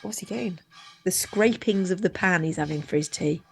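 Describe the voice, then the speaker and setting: Brief: female co-host, casual banter, quick teasing comebacks. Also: on the low side, creaky, a little hiss or hum. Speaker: co-host of a late-night live stream show. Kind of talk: casual chat.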